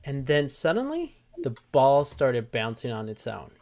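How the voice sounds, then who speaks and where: A man's voice: medium pitch, unhurried. A man hosting a casual chat, joking about himself and telling a story from his childhood. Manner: joking, animated, self-mocking. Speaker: show host.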